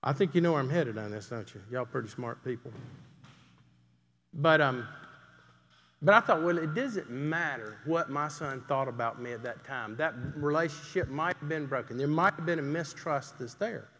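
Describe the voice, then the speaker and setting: A man's voice: on the high side, moderate pace, fairly bright tone. A middle-aged man preaching a sermon in a folksy, conversational way, telling a story and asking the congregation questions. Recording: long hall reverb.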